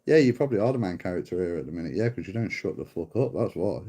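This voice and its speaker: This middle-aged livestreamer is animated and fast, his low, mellow voice carrying a breathy edge. He spars casually with a viewer, mocking and swearing at him and calling him mate.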